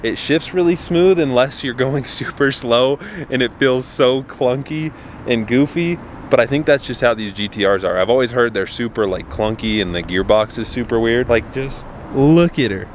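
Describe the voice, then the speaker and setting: A young man vlogging casually about his car, excitable and full of slang, talking to camera in and around the car. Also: mid-range voice, normal speed. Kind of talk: casual vlog talk to camera. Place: in and around a car, partly driving. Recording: clear car and road noise.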